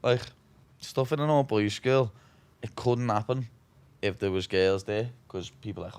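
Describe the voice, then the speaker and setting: A man's voice: on the low side, moderate pace, clean tone. Scouse man in his twenties, swearing. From Liverpool, England. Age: 20s. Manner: swears freely, says "lad" constantly, animated anecdotes. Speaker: guest, fighter. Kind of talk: casual storytelling interview.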